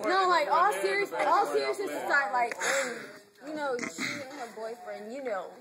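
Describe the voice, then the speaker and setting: Very high-voiced rambling woman. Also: moderate pace. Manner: rambling, teasing, chatty. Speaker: performer addressing an audience. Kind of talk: comedic rambling monologue. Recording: loud crowd in a big hall.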